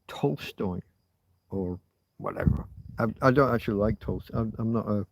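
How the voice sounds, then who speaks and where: A man's voice: on the low side, normal speed, creaky. A man hosting a livestream, thinking aloud in rambling casual chat, often muttering and swearing to himself. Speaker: livestream host.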